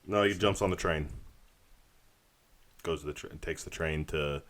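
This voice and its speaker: A man's voice: rumbling low, a bit bright. A man co-hosting a podcast, chiming in casually and correcting details of the plot. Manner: corrects plot details, quick agreeing interjections. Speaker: podcast co-host. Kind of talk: casual movie review chat.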